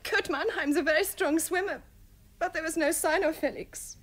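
Guilt-ridden young woman, very high voice, upset, radio drama. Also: moderate pace. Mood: distraught. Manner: upset, confessional. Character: distraught young woman blaming herself.

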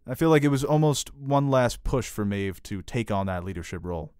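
Man hosting a lively TV chat. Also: medium pitch, brisk, clean tone, no echo, clean studio sound. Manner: animated, acts out quotes. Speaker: podcast host. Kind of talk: casual TV discussion.

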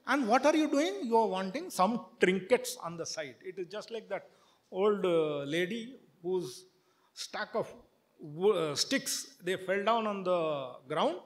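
A man giving a sermon, chanting verses and then explaining them at length, often halting with fillers and restarts. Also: high-pitched, lively intonation, fairly bright tone. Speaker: preacher.

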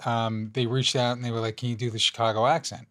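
A man's voice: medium pitch, quick pace. A man with a mid-range voice tells an anecdote as a guest on an interview podcast. His delivery is easygoing and conversational, like he's recounting it to friends. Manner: relaxed storyteller. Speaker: guest actor. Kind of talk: casual anecdote telling.

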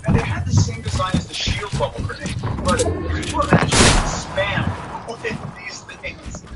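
A man's voice: very high voice, huge pitch swings, moderate pace. A man giving chatty, opinionated scripted narration for a gaming video. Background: loud background music.

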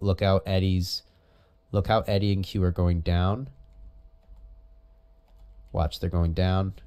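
Low-voiced man coaching jiu-jitsu footage. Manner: animated, coaching, chatty asides. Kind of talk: casual video commentary.

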